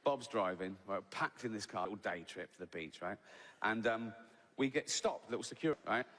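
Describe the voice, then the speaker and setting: A man's voice: lowish voice, expressive, a little fast, a bit bright. An English man in his sixties doing a stand-up routine, swearing freely, tagging lines with "right?" and laughing at his own story. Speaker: stand-up comedian. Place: large theatre stage. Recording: reverberant live venue, faint ambience.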